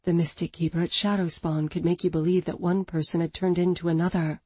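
A woman voicing a shaken young woman in an audiobook, speaking in a raspy voice. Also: fairly low pitch, flat delivery, fairly quick, darkish tone, no echo. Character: shaken young woman, trembling but firm.

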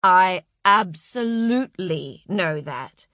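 A woman's voice: on the low side, lively intonation, takes it slowly, sharp tone, no room sound, studio quality, heavily acted. A woman voicing a flustered, apologetic male literary agent who keeps scolding himself. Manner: fretful, self-reproaching.

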